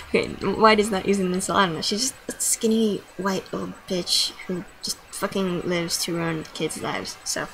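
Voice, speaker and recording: A woman's voice: on the low side, fairly even intonation, a little slow, creaky, fairly bright tone, slight background noise, poor audio. A teenage girl ranting casually to camera, telling a story bluntly with lots of swearing and quoted dialogue. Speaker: vlogger. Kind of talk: casual vlog rant.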